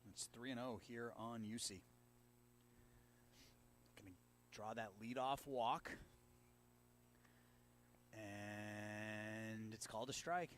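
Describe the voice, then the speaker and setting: A man doing live play-by-play of a high school baseball game from an outdoor field, steady and rising sharply on big plays. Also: a little hiss or hum. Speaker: play-by-play announcer.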